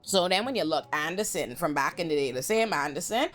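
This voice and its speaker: A woman hosting a casual TV episode recap, telling it in an animated, slangy, profane way. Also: low-pitched, a little fast. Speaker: host.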